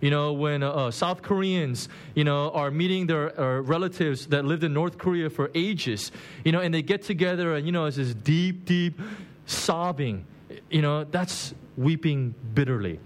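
A man delivers a sermon in a loose, conversational style, his voice sitting somewhat high for a man. He acts out the quoted lines with big swings in his voice as he talks. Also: moderate pace. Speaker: pastor.

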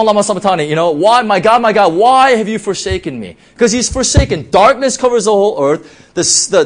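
A male preacher delivering a sermon in a slightly high, very lively voice. He leans hard on key phrases and then sinks almost to a whisper, checking in with the congregation as he goes. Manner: animated, rises loud then drops to near whispers, frequent "right?".

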